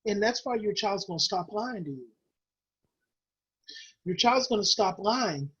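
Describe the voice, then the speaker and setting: A man with a high, husky voice teaches parents in an impassioned webinar. He repeats his points with emphatic, preacher-like urgency. The sound is dull and lo-fi. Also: animated, a little slow, fairly bright tone. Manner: emphatic, repetitive, preacher-like urging.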